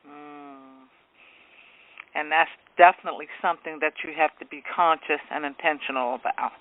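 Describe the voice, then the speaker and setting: A woman's voice: low voice, fairly even intonation, moderate pace, no echo. Agreeable woman host, tinny radio sound. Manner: agreeable, with frequent affirmations. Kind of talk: casual radio talk.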